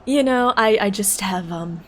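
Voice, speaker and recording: A young woman streaming a game, chatting casually, thinking out loud and laughing often while switching between voices. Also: mid-range voice, a little slow, slight background noise. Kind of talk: casual gaming commentary, reading dialogue aloud.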